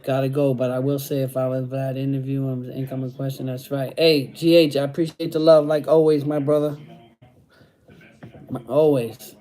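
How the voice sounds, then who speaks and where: A man's voice: medium pitch, little pitch movement, normal speed, dark tone. A middle-aged man chatting casually on a livestream, using street slang and repeating phrases. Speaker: host reading live chat.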